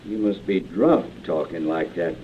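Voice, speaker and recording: A man's voice: deep voice, unhurried, slight background noise. A man playing a blustering fake marshal who is a coward underneath, in an old radio drama. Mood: stern. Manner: stern commands turning to begging. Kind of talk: 1950s radio drama acting. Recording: muffled old radio broadcast.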